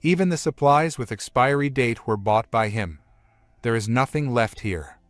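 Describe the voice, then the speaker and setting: Frightened family man, read by a narrator, pleading, mid-range pitch, dry sound. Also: moderate pace, dry recording, lightly acted. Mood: explaining.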